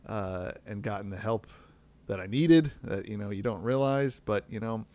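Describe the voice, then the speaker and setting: A man's voice: on the low side, moderate pace, a little mellow, no room sound. Candid man in his thirties rambling. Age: 30s. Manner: rambling, self-deprecating, with frequent fillers and restarts. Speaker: podcast host. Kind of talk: candid solo podcast talk.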